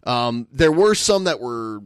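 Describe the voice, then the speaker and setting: A man's voice: medium pitch, slow pace, smooth, dry recording. A man co-hosting a podcast, chatting casually and mocking the clip he is reacting to. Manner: animated, mocking. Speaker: podcast co-host. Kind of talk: casual chat commentary.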